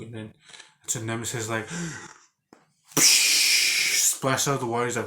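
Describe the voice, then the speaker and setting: Man, casual game recap, rambling, lots of filler words, middle-pitched voice, growls and sound effects for characters. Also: steady tone, a little slow, pauses often, pushed and bright. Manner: rambling, full of "like" and restarts. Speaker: game reviewer.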